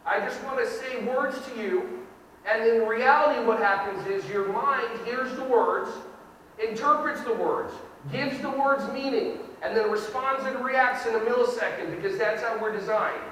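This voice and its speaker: A man giving a lively educational keynote to an audience, with a playful, animated delivery that acts out kids and parents. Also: very high-pitched, unhurried, slight background noise. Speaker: keynote speaker. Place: large hall with audience. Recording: echoey hall recorded from far off.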